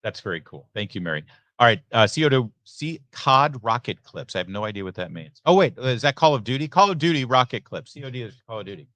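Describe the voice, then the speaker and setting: A man's voice: mid-range voice, fast talker, no echo. A middle-aged man hosts a live election night stream and reads out viewer messages. He is chatty and joking, with many asides. His voice sounds close and dry. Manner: chatty, joking asides, lively ups and downs. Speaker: host. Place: election watch party venue.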